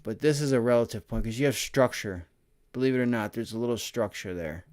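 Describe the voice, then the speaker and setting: A tired, excitable man hosting a livestream, talking casually through stock charts and addressing his chat. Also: medium pitch, brisk. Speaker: stock trading livestream host. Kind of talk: casual live chart commentary.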